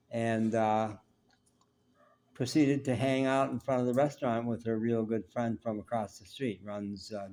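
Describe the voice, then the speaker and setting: A man with a somewhat low voice talks straight to his viewers in a loose, rambling vlog. He tells stories from his day candidly and reflects on them as he goes. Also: a little mellow. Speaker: vlogger. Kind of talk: casual personal storytelling.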